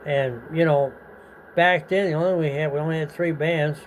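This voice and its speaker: An older man spins a long, rambling story, swearing freely and slipping into the voices of people in it. His voice sits a little high for a man. A faint hiss of noise hangs behind the recording. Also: steady tone, normal speed, poor audio. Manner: rambling, profane, acts out quoted voices. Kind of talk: casual storytelling.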